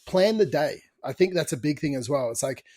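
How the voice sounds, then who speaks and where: Encouraging podcast co-host. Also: male voice, fairly high pitch, expressive, brisk, dark tone, dry recording, studio quality. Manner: encouraging, says mate. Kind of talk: casual podcast chat.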